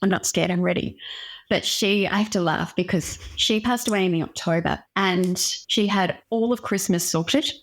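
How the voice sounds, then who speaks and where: A woman's voice: medium pitch, moderate pace, hardly any pauses. A woman doctor, a podcast guest, telling a personal story in an earnest, reflective way.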